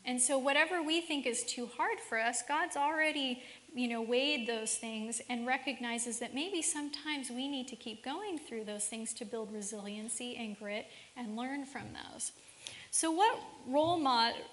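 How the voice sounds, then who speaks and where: A woman's voice: high voice, moderate pace, fairly bright tone. A woman giving a faith-based parenting seminar talk in a church, asking the audience many rhetorical questions. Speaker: seminar speaker. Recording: reverberant church hall.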